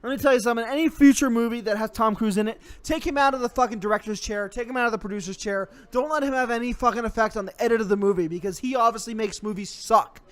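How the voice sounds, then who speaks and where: A man's voice: very high voice, fast talker, hardly any pauses, fairly bright tone, clean tone. A man hosting a comedy show, ranting angrily and swearing constantly, with mock threats. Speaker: host. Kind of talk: comedic profane rant.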